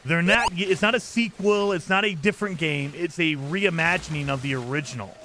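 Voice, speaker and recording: A man's voice: a little high, fairly quick. A man hosting a game live stream, chatting casually and enthusiastically in a rambling way and thanking viewers for gifted memberships.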